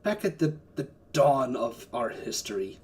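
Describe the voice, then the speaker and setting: A woman voicing a smooth male messenger who talks in a persuasive, coaxing way. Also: rumbling low, sing-song, unhurried, darkish tone, a little hiss or hum, voice pushed down, heavily acted.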